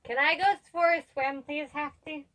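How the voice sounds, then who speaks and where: Woman doing a squeaky high little girl character in a tabletop game, super eager, begs and pleads nonstop, bright sharp tone. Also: normal speed. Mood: pleading. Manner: wheedling, excitable, pleading childish talk. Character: naive childlike girl adventurer, eager and curious. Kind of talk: tabletop role-play in character.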